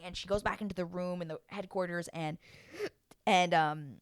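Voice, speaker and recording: A woman talking through a casual reality-show recap, animated and exclamatory, with a slightly low voice. The sound is close and dry, with no room echo. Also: moderate pace. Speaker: recap vlogger.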